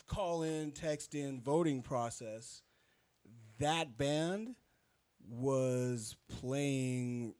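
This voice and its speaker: A man's voice: medium pitch, darkish tone. Man telling a rambling band story. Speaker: band member. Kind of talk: casual interview talk.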